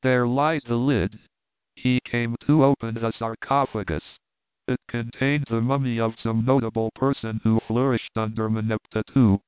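A curt investigator speaks in short, urgent bursts, as a man reads his lines. The voice is smooth and clear at a middle pitch. The recording is dry and tinny, like a phone line. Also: no room sound, close to an everyday voice. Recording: dry, tinny narrow-band audio.

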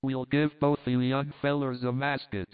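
A man's voice: medium pitch, level tone, moderate pace, clean tone, lightly acted. A man voicing a fat, bossy older man who talks in a blustering, folksy, commanding way. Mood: jovial. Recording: tinny phone-like sound.

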